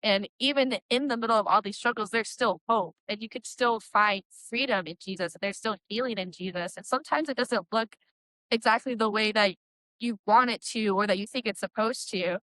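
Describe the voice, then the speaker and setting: A young woman tells her story in a candid, earnest way, wandering through thoughts with lots of likes and you-knows. Her voice sits at a middle pitch. The recording is close and dry. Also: brisk, sharp tone, dry recording, low-quality recording. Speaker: guest, Christian metal singer. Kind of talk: candid personal testimony.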